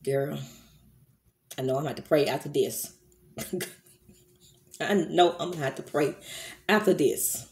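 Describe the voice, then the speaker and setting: Low-voiced middle-aged woman ranting angrily. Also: unhurried, long pauses, darkish tone. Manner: heated, profane, scolding, addresses viewers as y'all. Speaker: vlogger. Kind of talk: angry commentary rant to camera.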